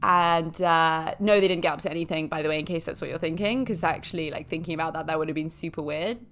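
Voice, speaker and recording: A woman hosting a podcast, telling a story in a chatty, animated way with lots of fillers and small impressions of other people. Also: deep voice, fast talker, a little hiss or hum. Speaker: podcast host. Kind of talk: casual storytelling.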